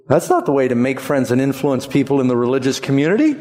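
A man's voice: medium pitch, animated, a little fast, hardly any pauses, mellow. A man preaching a sermon with emphasis, leading the congregation in repeating phrases. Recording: long hall reverb.

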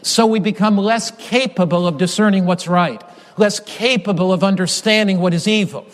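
A male preacher with a high-pitched voice delivers a sermon in an emphatic, repetitive cadence. His words echo with a long reverb, like a large church sanctuary. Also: normal speed. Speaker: pastor.

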